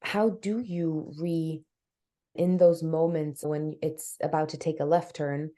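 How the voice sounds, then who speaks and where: A woman hosting a conversation in a low voice with a relaxed, mellow tone. She muses aloud and asks long, winding questions. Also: takes it slowly. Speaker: podcast host. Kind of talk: reflective interview talk.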